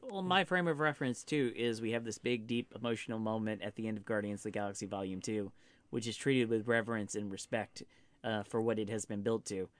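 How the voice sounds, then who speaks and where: A man's voice: lowish voice, no echo. Emphatic man in a dry film chat. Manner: emphatic, measured, uses many fillers. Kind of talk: casual film discussion.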